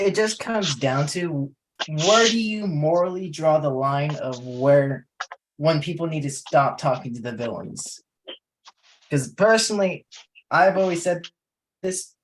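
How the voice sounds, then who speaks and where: A man in a casual discussion who gives his own opinions and thinks through the questions out loud. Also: a little high, slight background noise, poor audio. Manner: opinionated, reflective.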